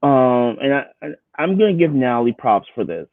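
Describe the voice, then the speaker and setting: A podcast co-host with a medium-pitched voice chats casually and very animatedly about a reality show at a moderate pace. He often stammers and restarts while quoting himself, and the dry recording sounds narrow and phone-like.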